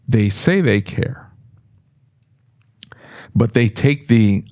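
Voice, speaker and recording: A middle-aged man, a shop owner, chatting casually on a podcast and telling rambling, animated stories. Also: lowish voice, slow, pauses often. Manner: rambling, animated storytelling with laughs.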